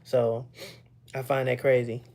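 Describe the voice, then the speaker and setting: A young man with a rather high-pitched voice, chatting casually with viewers on a livestream and laughing often. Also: flat delivery, measured pace, a little mellow. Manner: laughs often, loose and playful, teases chat. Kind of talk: casual live chat.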